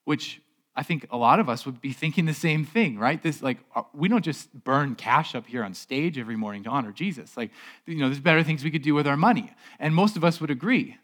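A man preaching a sermon as a pastor in a relaxed, conversational way. He often repeats a word as he goes and asks the congregation rhetorical questions. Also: fairly high pitch, brisk. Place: church stage.

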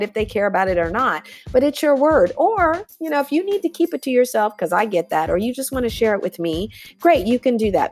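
A woman's voice: medium pitch, darkish tone. A woman hosting a podcast, giving an emphatic motivational monologue and calling her listeners y'all. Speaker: podcast host.

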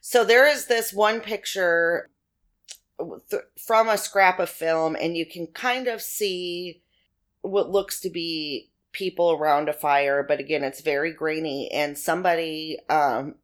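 A woman with a low voice co-hosts a podcast in easy, casual conversation. She thinks out loud, circling back and restarting phrases as she weighs each theory. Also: a little slow. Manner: speculative, conversational, with many restarts. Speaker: podcast co-host.

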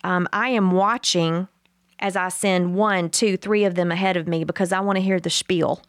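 A woman's voice: fairly low pitch, moderate pace, no room sound, clean studio sound. A woman co-hosting a podcast, telling a story in casual chat and acting out the quotes with laughter. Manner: animated storyteller, acts out quotes, laughs often. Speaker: podcast co-host.

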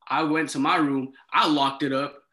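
Animated man with a bright voice. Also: a little high, normal speed. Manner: animated, acts out dialogue, many fillers. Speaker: former resident assistant. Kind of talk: casual storytelling.

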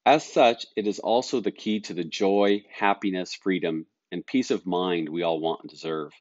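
Middle-aged male life coach hosting his own podcast; deep, calm, earnest delivery, recorded dry and a bit dull. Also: normal speed, no echo. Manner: calm, earnest, explaining with everyday examples. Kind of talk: solo podcast talk.

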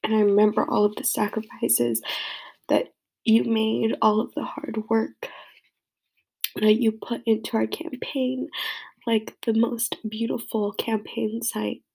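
A woman's voice: fairly high pitch, creaky, a little mellow, husky. A young woman crying as she gives a rambling, heartfelt tribute to a friend. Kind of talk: emotional personal tribute.

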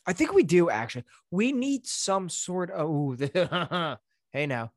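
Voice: mid-range voice, very animated, no echo, studio quality. A podcast co-host chatting casually, joking and stumbling through fillers. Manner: joking, halting with many fillers. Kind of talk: casual chat.

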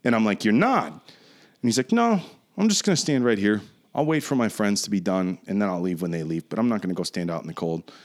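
A man in his forties on a casual podcast telling a profane, animated story. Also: lowish voice, fast. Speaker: podcast host.

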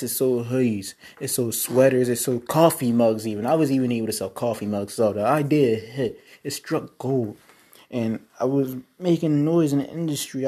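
Husky man rambling about his career. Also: fairly low pitch, warm tone. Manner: rambling, boastful storytelling with swearing. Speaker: independent wrestler. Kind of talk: casual monologue.

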